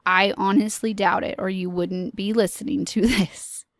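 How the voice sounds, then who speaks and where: A woman hosting a podcast, giving an earnest, encouraging motivational talk in slow, deliberate phrases. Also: medium pitch, steady tone, no room sound. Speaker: podcast host.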